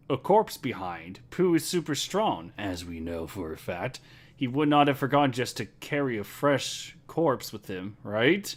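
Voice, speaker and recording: A man telling friends about a movie in casual chat, animated and quick to laugh, rambling and restarting his sentences. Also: mid-range voice. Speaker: host recapping a movie to friends.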